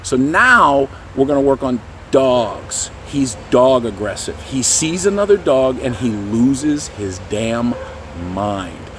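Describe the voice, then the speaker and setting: A middle-aged man explains dog training to the camera in a loose, animated way. His pitch swings widely as he talks, and light traffic noise sits behind him outdoors. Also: slow. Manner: animated, does high goofy voices for dogs and people. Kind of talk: casual explanatory talk to camera.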